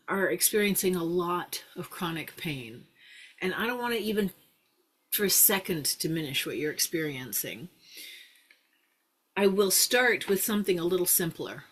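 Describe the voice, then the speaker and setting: A woman teaching a mindfulness practice group in a casual, chatty way, full of fillers and restarts, sometimes slowing into a soft hypnotic guiding voice. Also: on the low side. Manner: chatty, thinks aloud with many fillers and restarts; drops into a slow soft hypnotic voice for guidance.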